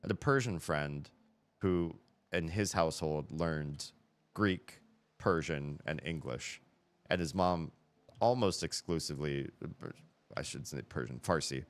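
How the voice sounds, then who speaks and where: A man's voice: rumbling low, measured pace. A man hosting a live stream, rambling through casual chat and correcting himself as he thinks aloud into a headset mic.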